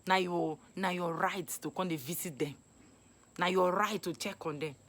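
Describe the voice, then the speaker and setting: A young woman with a Nigerian accent giving animated, scolding advice in a casual vlog. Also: fairly low pitch, normal speed. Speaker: vlogger. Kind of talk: casual Pidgin advice monologue.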